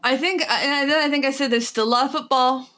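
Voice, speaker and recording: A woman with a somewhat high voice co-hosts a casual podcast. She tells stories excitedly and laughs often as she talks. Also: a little fast. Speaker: podcast co-host. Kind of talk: casual chat.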